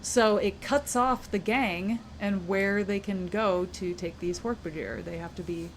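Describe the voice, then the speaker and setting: Woman co-host, chatty storyteller, mid pitch, faint background noise. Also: a little slow. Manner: animated storyteller acting out characters' lines. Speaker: podcast co-host. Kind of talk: casual book discussion.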